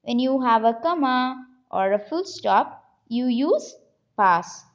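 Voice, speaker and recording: A woman teaching an English lesson to children, speaking deliberately and reading a story aloud. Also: fairly high pitch, animated, muffled recording. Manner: slow, deliberate, addressing children.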